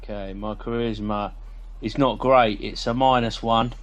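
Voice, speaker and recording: A man's voice: lowish voice, fairly even intonation, measured pace. A man playing in a tabletop game, chatting casually and mocking himself. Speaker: player.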